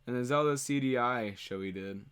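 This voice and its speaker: A man's voice: medium pitch, normal speed, fairly bright tone, clean tone. A man streaming, chatting casually and rambling as he answers viewer questions. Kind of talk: casual livestream chat.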